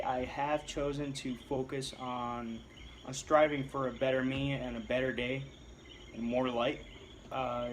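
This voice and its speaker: A man's voice: medium pitch, slight background noise. A man in his thirties from Puerto Rico, answering viewer questions in a casual vlog, rambling and self-deprecating with lots of restarts. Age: 30s.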